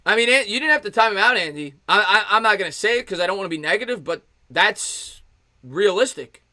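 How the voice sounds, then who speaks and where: A man in his thirties calls a baseball game pitch by pitch as an excited fan, stopping to thank and answer his chat viewers. His voice is bright and forward, a little above the usual pitch for a man. The sound is dry and close, with no room around it. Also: fairly quick, dry recording. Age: 30s. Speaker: fan play-by-play streamer. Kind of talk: live play-by-play commentary with chat replies.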